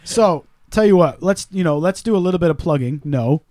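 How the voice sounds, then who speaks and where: Male podcast host, high voice, rapid-fire, crude banter. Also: a little mellow, dry recording, clean studio sound. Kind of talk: casual chat.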